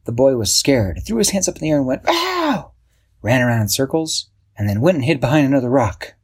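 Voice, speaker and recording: A man narrating a children's story, expressive and slowing down for suspense. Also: medium pitch, husky.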